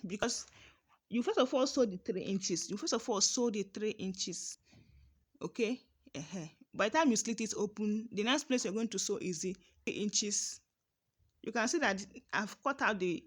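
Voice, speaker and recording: A woman, maybe, teaching a step-by-step sewing tutorial, often repeating herself and checking that listeners understand. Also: mid-range voice.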